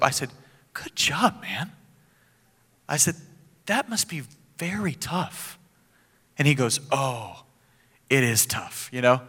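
A male pastor delivers a sermon as a lively personal story, breaking into laughs and playful asides. His voice is bright and forceful and sits a little high. The sound carries a long reverb, as in a church hall.

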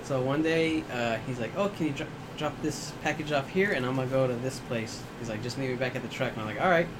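A young man with a mid-range voice tells a story about an old job, relaxed and unhurried. He leans on fillers as he goes. A steady noise runs in the room behind him. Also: medium pitch. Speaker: friend telling stories. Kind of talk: casual chat. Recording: noisy room background.

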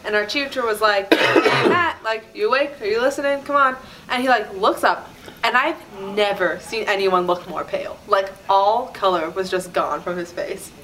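A woman chatting casually on a podcast, telling a story with lively quoted voices and frequent laughter. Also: medium pitch, moderate pace, slight background noise, low-quality recording. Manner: animated, acts out quoted voices, laughs often.

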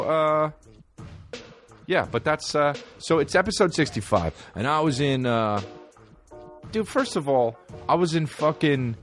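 A man hosting a podcast, talking in a rambling, profane, comedic monologue from a studio. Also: mid-range voice. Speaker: podcast host.

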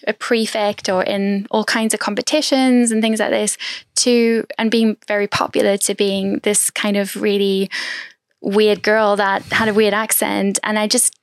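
A woman's voice: medium pitch, little pitch movement, a little slow, no room sound, studio quality. A woman in her thirties from South Africa, a podcast guest, talking openly and chattily, with light laughs between thoughts. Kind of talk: casual interview chat.

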